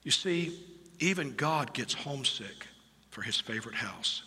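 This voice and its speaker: A man's voice: mid-range voice, animated, a little slow, bright, forceful tone, slight background noise. A middle-aged male pastor preaching an impassioned sermon with rhetorical questions, recorded in a church sanctuary. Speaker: lead pastor. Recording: long reverb of a church hall.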